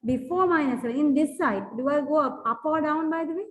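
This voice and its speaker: Speaking fairly quickly in a high voice, a woman teaches a classroom maths lesson on graphs. She repeats herself, uses lots of fillers and restarts, and frequently asks if the students follow along. The recording quality is low.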